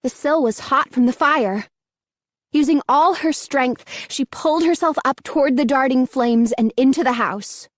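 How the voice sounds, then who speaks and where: A woman narrating an audiobook in a slow, measured reading. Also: sits high, no echo, studio quality. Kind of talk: scripted narration.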